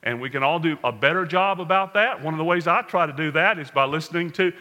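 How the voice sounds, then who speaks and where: A man's voice: a little high, fast talker, bright, forceful tone. An American man preaching a sermon as pastor, earnest and direct, speaking to his congregation in a large hall. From United States. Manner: earnest, addresses congregation as folks, numbered points.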